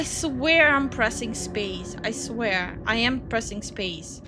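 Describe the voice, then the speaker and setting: A woman's voice: fairly high pitch, lively intonation, slow, over music. A woman gaming streamer giving casual let's-play commentary, nervous and jumpy as she plays a scary game at home.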